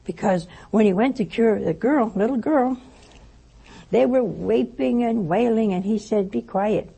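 Woman, spiritual speaker; husky, gravelly, mellow tone; lively storyteller. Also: a little high, unhurried. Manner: animated storytelling with quoted dialogue. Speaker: religious speaker. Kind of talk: spiritual teaching talk.

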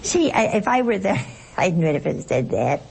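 A woman's voice: fairly low pitch, very animated, moderate pace, vocal fry, darkish tone. A woman teaching a Bible study to a group, talking conversationally and expressively with rhetorical questions and playful asides.

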